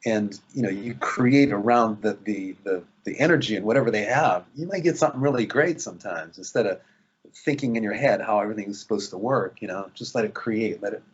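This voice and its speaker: A man's voice: lowish voice, brisk, breathy edge, lo-fi sound. A man, an actor, chatting in an interview, rambling with lots of fillers and restarts. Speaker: actor guest. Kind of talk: casual interview chat.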